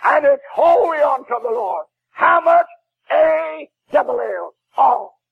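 A man preaching a fiery sermon as a Baptist preacher, shouting with a crying preaching cadence. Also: extremely high pitch, takes it slowly, creaky, narrow, tinny audio.

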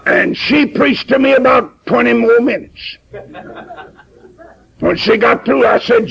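A man's voice: sits high, lively intonation, takes it slowly, gravelly, pauses often, fairly bright tone, husky, dull audio. A man, a pastor telling a story in a sermon, folksy and emphatic. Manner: folksy, plain-spoken, emphatic.

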